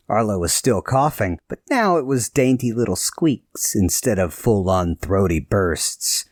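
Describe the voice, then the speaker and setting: A man narrating a novel in a measured storytelling voice. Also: lowish voice, animated, no room sound, clean studio sound. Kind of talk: scripted audiobook narration.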